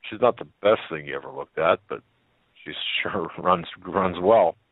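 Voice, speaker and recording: A low-voiced man reading a kindly old gas station owner. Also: expressive, unhurried, no room sound, exaggerated voice. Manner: plain-spoken, homespun. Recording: narrow phone-like line.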